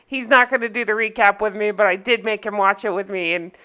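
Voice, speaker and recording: A woman's voice: mid-range voice, steady tone, quick pace, pushed and bright. A woman hosting a casual TV recap vlog, chatty and giggly. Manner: chatty, giggly, keeps slipping into joke voices. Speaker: TV recap vlogger.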